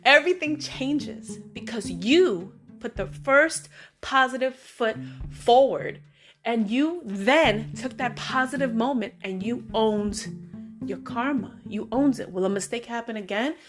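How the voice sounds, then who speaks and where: A middle-aged woman with a fairly high voice talks through an everyday story in a loose, chatty vlog style. She keeps an upbeat, encouraging tone and slips into acting out bits of dialogue as she goes. Faint music plays behind her. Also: unhurried, a bit bright. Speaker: vlog host. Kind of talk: casual motivational storytelling.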